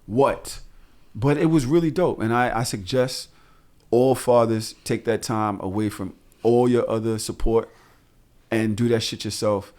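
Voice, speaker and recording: A man, co-hosting a podcast and telling loose, profane stories full of animated asides. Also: medium pitch, a little slow. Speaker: podcast co-host. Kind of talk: casual podcast chat.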